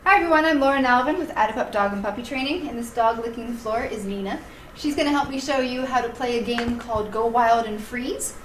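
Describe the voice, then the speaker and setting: A woman dog trainer demonstrating a game in a playful, energetic, excitable way. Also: fairly high pitch, a little fast. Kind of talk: demonstration video. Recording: echoey room, voice from off-mic, faint hiss.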